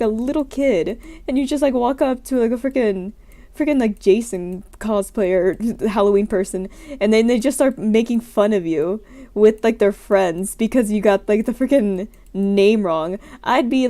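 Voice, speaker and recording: A woman's voice: fairly high pitch, warm tone. A young adult woman streamer in her room, chatting casually through scenario questions in a rambling, giggly, self-deprecating way.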